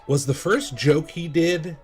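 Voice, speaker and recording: A man's voice: on the high side, a little slow, darkish tone, faint music behind. A man reacting to an old talk show clip, thinking aloud in a laid-back way. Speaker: video reaction host. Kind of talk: reaction commentary.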